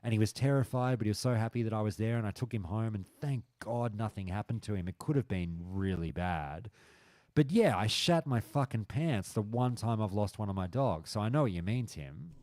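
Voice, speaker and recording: Speaking fairly quickly in a lowish voice, a stream host chats casually with his live chat and tells animated stories, swearing often. The recording is dry and studio quality.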